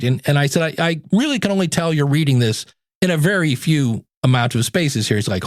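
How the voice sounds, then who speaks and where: A man hosting a solo podcast, giving advice in an animated, conversational way with playful asides. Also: medium pitch, fairly quick, no echo, clean studio sound. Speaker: podcast host and coach.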